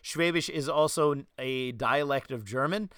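A man with a New York accent, hosting a podcast and telling animated stories in casual chat. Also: mid-range voice, normal speed, clean tone, no room sound, clean studio sound. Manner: animated storytelling, slipping into quoted voices. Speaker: podcast host.

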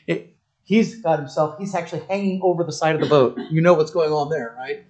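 A man preaching a sermon with passion, swinging from loud declarations to quiet, wry storytelling. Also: a little high, fairly even intonation, a little fast. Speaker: pastor.

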